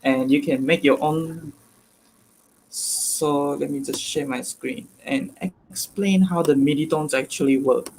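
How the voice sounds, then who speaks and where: A man's voice: fairly high pitch, steady tone, darkish tone, slight background noise, poor audio. Man demoing gear on a video call. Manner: halting, self-correcting, step-by-step. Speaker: guest presenter. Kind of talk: live online demonstration.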